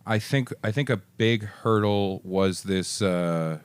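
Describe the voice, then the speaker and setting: A man in his thirties co-hosting a podcast, chatting casually and rambling with lots of halting fillers. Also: fairly low pitch, clean tone, no room sound. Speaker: podcast co-host and comedian. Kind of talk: casual chat.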